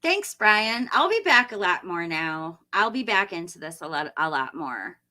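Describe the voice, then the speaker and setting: Tired woman streamer, slightly low voice, chatty and rambling with viewers. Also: very animated, normal speed, bright, forceful tone. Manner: chatty, laughs often, rambling restarts. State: tired after a long stream. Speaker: livestream host. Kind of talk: casual live chat reading viewer comments.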